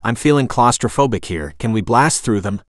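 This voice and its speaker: A man's voice: medium pitch, animated, moderate pace, no echo, studio quality, natural voice. A man voicing a tough young female pilot who talks in a curt, blunt way and swears under pressure. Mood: tense.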